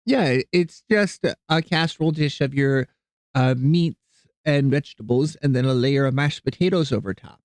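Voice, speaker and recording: A man chats loosely with viewers on a live stream, rambling from one thought to the next in an easygoing way. His voice sits at an ordinary middle pitch, recorded close and dry with almost no room sound. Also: normal speed, no room sound. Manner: rambling, easygoing, chatting with viewers while cooking; softens and coos when talking to his cats. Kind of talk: casual live-stream chat.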